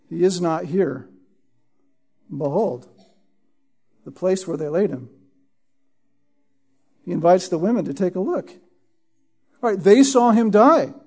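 A pastor delivers an expository sermon, working through the text verse by verse. His voice is high with a dark tone, and he often pauses to ask "Right?" and repeats words for emphasis.

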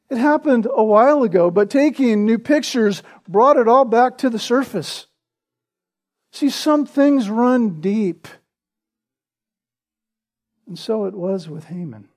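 A man's voice: extremely high pitch, animated, takes it slowly, long pauses. A man preaching an expository sermon in a conversational, storytelling way, often turning to his listeners with rhetorical questions.

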